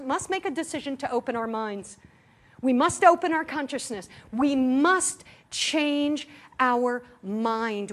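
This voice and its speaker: Woman spiritual teacher, high voice, preaching with emphatic repetition and rhetorical questions, slipping in jokes. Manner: laughs and jokes between points. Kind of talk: sermon to a live gathering. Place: meeting room in New York.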